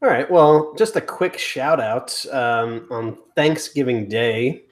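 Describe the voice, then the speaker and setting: A man hosting a casual podcast, giving shout-outs and chatting with laughs. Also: mid-range voice, animated, takes it slowly. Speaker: podcast host. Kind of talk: casual chat.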